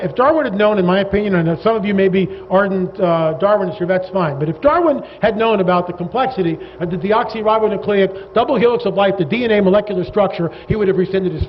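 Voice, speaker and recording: Animated man, high voice, lecturing a crowd in a big reverberant hall, sarcastic and rambling. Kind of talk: lecture to a live audience. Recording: dull reverberant hall recording with faint noise.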